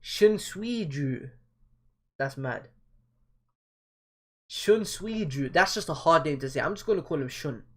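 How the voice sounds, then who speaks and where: A man's voice: mid-range voice, animated, fast talker, few pauses, a bit bright, slightly rough. A young man reading a manga aloud live and breaking off into casual, joking, slangy reactions.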